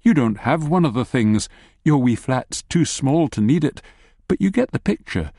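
A man narrating a story in the second person with lively, wry asides, reading from a script. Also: medium pitch, moderate pace, breathy edge, no room sound, clean studio sound. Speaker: audiobook narrator.

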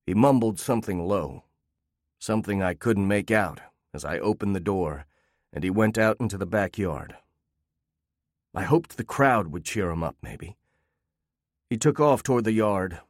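A man narrating a first-person story in a calm, wry way. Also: on the low side, a little slow, long pauses, dry recording, studio quality.

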